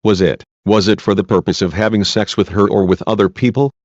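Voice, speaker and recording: A man voices a persistent female defense lawyer who presses a deposition witness with pointed, repeated questions. His voice is fairly low, steady, and brisk, captured in a dull, lo-fi, dry recording.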